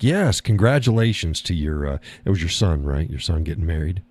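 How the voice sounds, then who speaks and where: A man's voice: low voice, expressive, fairly quick, darkish tone. A man hosting a live stream, chatting casually and reading the chat, folksy and easygoing, often repeating his own phrases.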